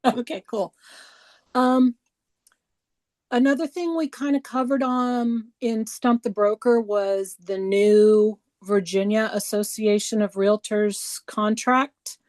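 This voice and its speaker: A woman's voice: fairly high pitch, steady tone, slow, darkish tone, no echo. A woman broker giving a direct, cautionary update at a team meeting over a video call.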